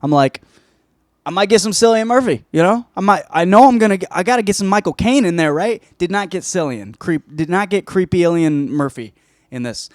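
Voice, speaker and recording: A man's voice: sits high, expressive, brisk, no room sound, clean studio sound. A man hosting a podcast, reviewing a film in casual, rambling chat full of swearing and restarts. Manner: rambling, profane, self-interrupting. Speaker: podcast host.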